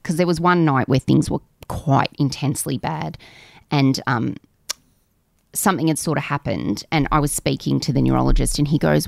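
A woman in her forties, co-hosting a podcast, telling animated stories in casual chat and swearing freely. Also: low-pitched, normal speed, gravelly, dry recording, clean studio sound. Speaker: podcast co-host.

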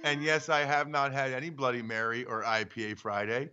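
A man co-hosting a sports talk show from home, bantering in a teasing, animated way. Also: medium pitch, fairly quick, smooth, dull audio. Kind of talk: casual sports radio banter. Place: home studio.

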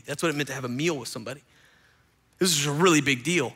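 Male pastor, conversational sermon, very bright tone, slightly high, repeats himself. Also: fast. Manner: conversational, repeats words, addresses listeners directly.

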